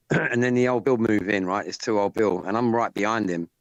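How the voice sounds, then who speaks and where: A man's voice: on the low side, moderate pace, no room sound, poor audio. Profane, rambling man. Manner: rambling, profane, animated storytelling. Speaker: live stream host. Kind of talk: casual chat.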